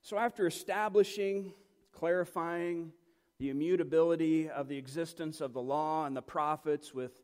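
A man's voice: fairly high pitch, a little mellow. A man preaching a sermon as pastor, teaching the text in an emphatic manner that builds to passionate repetition. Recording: long hall reverb.

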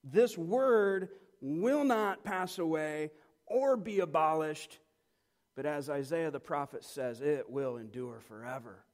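A man with a high voice delivers a sermon from the pulpit. He teaches with emphasis and stacks phrase on phrase as his passion builds. His voice rings with a long reverb in a church sanctuary. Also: slow pace, darkish tone. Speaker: pastor.

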